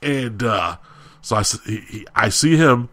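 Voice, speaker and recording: A man co-hosting a podcast, telling a story in a casual, animated way and acting out heated exchanges. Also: fairly low pitch, a little slow, no room sound. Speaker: podcast co-host.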